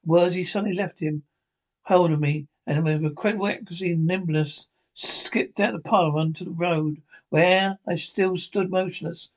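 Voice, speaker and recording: A man's voice: high voice, fairly even intonation, moderate pace. A man reading a classic adventure novel aloud in an unpolished way, with frequent slips and restarts. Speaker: reader.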